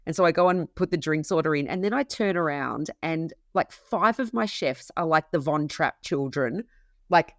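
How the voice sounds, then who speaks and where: A woman's voice: sits low, normal speed, dry recording, clean studio sound. A woman pastry chef, a podcast guest, who tells a story with animation, acting out the dialogue and laughing as she goes. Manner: animated, acts out quoted dialogue, laughs while telling. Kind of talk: conversational storytelling.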